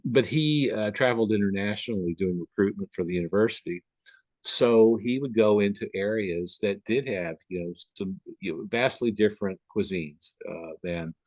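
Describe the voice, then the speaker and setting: A man's voice: on the low side, darkish tone, dry recording. A man from the Upper Midwest chatting as a guest on a video call, rambling with lots of fillers and restarts. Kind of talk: casual conversation on a video call.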